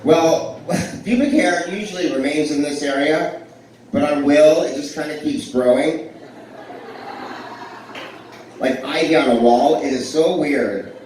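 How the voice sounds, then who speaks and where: Performing stand-up in a small club, this comic works the crowd and rambles self-deprecatingly, full of fillers and restarts. He speaks unhurriedly with long pauses, in a fairly high, slightly mellow voice. The live recording is echoey and distant, with slight background noise.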